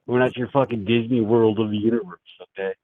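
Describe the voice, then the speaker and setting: A man's voice: on the low side, fairly even intonation, fast, a crowd in the background. A man calling into a show over the phone, rambling in a crude, laid-back way with lots of fillers. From United States. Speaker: caller. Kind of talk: casual phone chat. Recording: tinny phone line.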